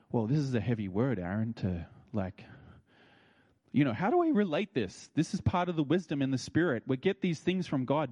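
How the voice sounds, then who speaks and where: A man preaching a sermon, telling stories and acting out what people said, with his voice leaping high when excited. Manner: animated, leaps high when excited, acts out quotes. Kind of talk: sermon with storytelling.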